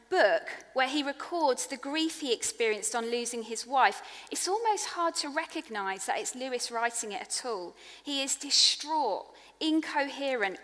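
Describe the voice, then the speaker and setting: Lady giving a sermon, earnest, goes quiet on soft bits, big echoey church hall. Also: high-pitched. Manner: earnest and personal, drops to a hushed voice on tender points. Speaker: preacher. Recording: long echo of a large hall.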